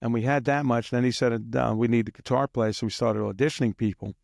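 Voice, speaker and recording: A man with a gravelly, fry-laden voice tells story after story as an interview guest, rambling and chuckling and now and then imitating drum beats. The recording is dry and close, with no room sound. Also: mid-range voice, steady tone, fast talker, a little mellow, no echo. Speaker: guest drummer. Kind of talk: casual anecdotal storytelling.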